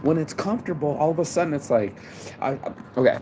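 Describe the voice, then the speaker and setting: A man's voice: on the high side, expressive, fast talker. A man giving a casual, profane motivational rant outdoors by a busy road, preachy and calling the listener bro. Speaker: motivational vlogger. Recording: loud traffic noise behind.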